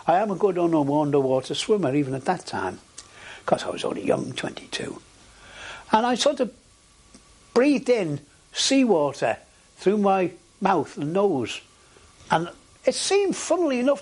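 An older man with a husky voice, recounting his experiences in a recorded interview with frequent hesitations. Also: sits high. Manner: animated storytelling with frequent hesitations. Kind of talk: oral history recollection.

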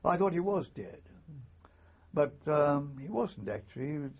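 Older guy, husky voice, halting understated storytelling, muffled lo-fi tape. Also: a little high, sing-song. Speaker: veteran army chaplain interviewee. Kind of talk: oral history interview. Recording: muffled lo-fi recording.

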